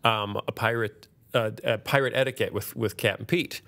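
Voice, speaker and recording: A man's voice: lowish voice, fairly even intonation, gravelly, fairly bright tone. A man hosting a podcast, chatting in a playful, joking way. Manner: playful, jokey, quick to riff. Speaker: podcast host. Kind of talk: casual chat.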